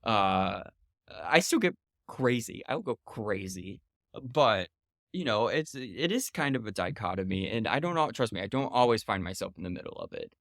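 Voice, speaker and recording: Chatty low-voiced man in his thirties. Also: big pitch swings, moderate pace, gravelly, fairly bright tone, no echo, studio quality. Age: 30s. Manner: chatty, lots of fillers and quoted retorts. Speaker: podcast guest. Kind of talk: casual podcast conversation.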